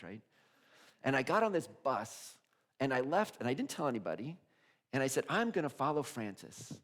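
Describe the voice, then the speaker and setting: A middle-aged male minister giving a sermon, telling a personal story in an animated way, laughing often and acting out other people's voices. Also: medium pitch.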